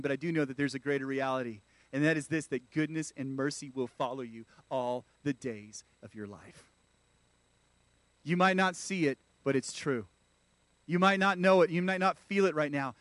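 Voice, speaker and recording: A man's voice: fairly high pitch, a bit bright, no room sound. A man preaching a sermon in a church, calling out to the congregation. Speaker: pastor.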